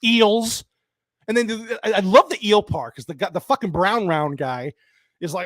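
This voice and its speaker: A man's voice: high-pitched, very animated, a little fast, a bit bright, no room sound, clean studio sound. A man hosting a live stream, ranting angrily about a movie with lots of swearing, restarts and replies to chat. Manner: angry, profane, rambling with restarts; reads and answers chat viewers.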